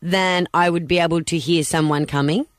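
A woman's voice: fairly low pitch, fairly even intonation, moderate pace, no room sound, clean studio sound. A woman co-hosting breakfast radio, giggly and a little nervous, bantering with her co-host. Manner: giggly, a bit nervous and self-mocking.

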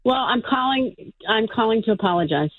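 A woman's voice: a little high, animated, moderate pace, a crowd in the background. A woman calling in to a sports radio show, chatty and teasing. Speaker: caller. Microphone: telephone. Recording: tinny phone line.

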